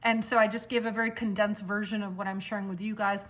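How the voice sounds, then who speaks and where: A woman's voice: medium pitch, fast talker. A middle-aged woman telling a personal story casually at home, acting out the lines of others as she goes. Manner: animated, acts out quoted dialogue. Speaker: vlogger. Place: at home, walking around the house.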